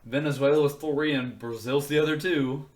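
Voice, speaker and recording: A man's voice: fairly high pitch, fairly even intonation, moderate pace. A young man co-hosting a podcast in casual chat, loose, joking and full of swearing. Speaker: podcast co-host.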